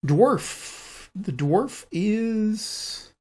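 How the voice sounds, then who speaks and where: A board game channel host with a high, animated voice and a breathy edge narrates his solo playthrough. He thinks aloud in an unhurried way as he rolls dice and moves pieces.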